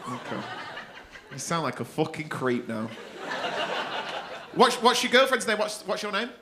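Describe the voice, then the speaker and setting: High-voiced man doing stand-up crowd work. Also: big pitch swings. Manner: teasing, sweary, quick-fire banter. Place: comedy club stage. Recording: live club recording with crowd noise. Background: audience laughing.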